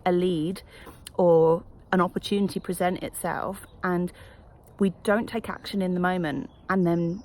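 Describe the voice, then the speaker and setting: A woman coach chatting casually to camera at a retreat, reflective and full of fillers. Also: on the low side. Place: wellness retreat.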